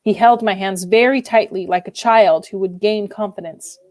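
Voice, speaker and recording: A woman reads a classic novel aloud in a measured, expressive storytelling voice. Her pitch sits in the middle range, and the recording is dry and close with no room sound. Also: no echo. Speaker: reader. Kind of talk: dramatic reading of a classic novel.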